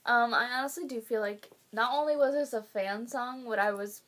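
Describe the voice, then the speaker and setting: A young woman chats through a reaction video, openly emotional and swearing freely. She laughs through tears and talks in a fairly high voice. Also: moderate pace, a bit bright. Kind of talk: casual reaction chat.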